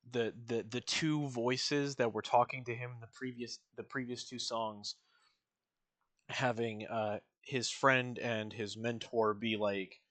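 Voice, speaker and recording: A man's voice: on the low side, a bit bright, no echo. A man streaming a reaction to a musical, rambling through casual commentary with lots of fillers and acted-out quotes.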